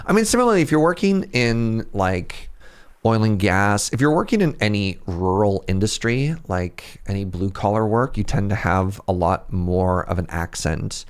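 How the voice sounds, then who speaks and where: A man's voice: fairly low pitch, animated, measured pace, smooth. A man with a Pacific Northwest Canadian accent, chatting casually and rambling as he answers viewer questions while playing a game on a live stream.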